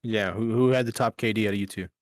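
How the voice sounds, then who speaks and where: A man's voice: lowish voice, steady tone, fast, no room sound. A man co-hosting a podcast, asking questions and teasing the guests in casual chat. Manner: joking, teasing. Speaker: podcast co-host.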